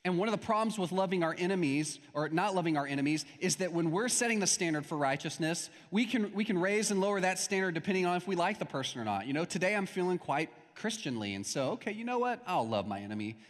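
A man's voice: high voice, animated, fast talker, hardly any pauses. A young adult man preaching a sermon as a pastor, in a conversational style with stories and acted-out quotes. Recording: long hall reverb.

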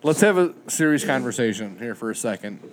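A man's voice: medium pitch, big pitch swings, brisk, over a noisy crowd. A man co-hosting a casual podcast chat with dry, mock-serious ribbing. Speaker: podcast co-host.

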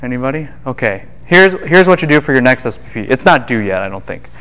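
A man giving a university classroom lecture in a relaxed, joking way, often acting out what other people would say. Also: mid-range voice, fast talker, rough recording. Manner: casual, quips and acts out voices of students and scholars.

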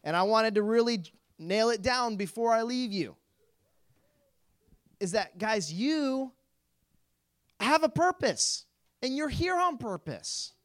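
A man's voice: very high voice, lively intonation, slow, pauses often, fairly bright tone. A young man, a youth pastor, giving a casual Bible talk to a youth group, filling his speech with "like" and quizzing his listeners. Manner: chatty, lots of "like", quizzes the group.

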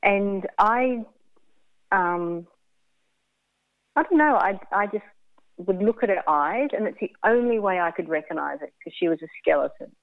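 A woman telling a hard personal story in an interview, frank and blunt, halting with fillers and restarts. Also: mid-range voice, lively intonation, no echo. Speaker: interview guest. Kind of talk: candid emotional storytelling. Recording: phone-like dry line.

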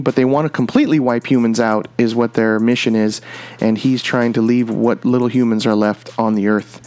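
Hosting a comic book podcast, a man talks through his picks in a casual review monologue. His medium-pitched, darkish voice is enthusiastic and rambling, full of restarts.

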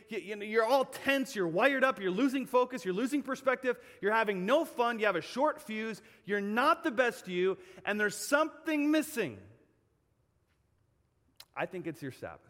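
A man's voice: very high-pitched, expressive, moderate pace, a bit bright, in a large hall. A male pastor preaching a sermon in a church, telling stories and repeating phrases for emphasis.

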